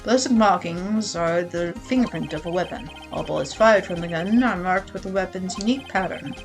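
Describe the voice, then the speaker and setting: A woman's voice: on the low side, brisk, soft background music, pitched below the performer's own voice, natural voice. A woman voicing an earnest young male defense attorney who lays out evidence steadily.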